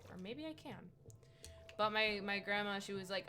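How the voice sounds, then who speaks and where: A young woman from the Midwest chats her way through a gaming live stream, drifting from story to story and cooing at animals on screen. Her voice is bright and sharp. Soft music plays faintly in the background. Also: mid-range voice, lively intonation, normal speed. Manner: rambling, chatty storytelling, talks to game animals. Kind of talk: casual live-stream chat while gaming.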